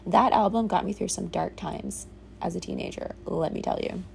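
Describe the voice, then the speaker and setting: Candid woman musing, gravelly low voice. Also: normal speed, darkish tone, a little hiss or hum. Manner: rambling, candid, with frequent "like" and swearing. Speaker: vlogger. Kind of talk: reflective casual monologue. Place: on a boat in a small village.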